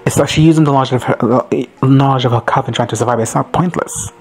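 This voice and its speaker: A man with a gravelly, husky voice talks through a show recap in a loose, excitable way, gushing over scenes and swearing freely. His pitch sits in a middle range. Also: quick pace, rough recording. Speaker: reaction video host. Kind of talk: casual reaction recap.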